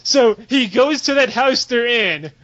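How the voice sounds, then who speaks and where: A man with a high, bright voice tells a crude story in a loose, excitable, laughing way. The sound is a bit dull and lo-fi. He talks as a podcast host. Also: measured pace. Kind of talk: casual comedic storytelling.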